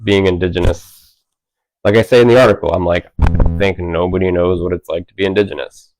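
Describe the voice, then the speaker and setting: A male author in his thirties chats casually at a library event, rambling with plenty of filler words and restarts. His low voice is steady, a little fast and darkish, on a low-quality recording with faint music behind.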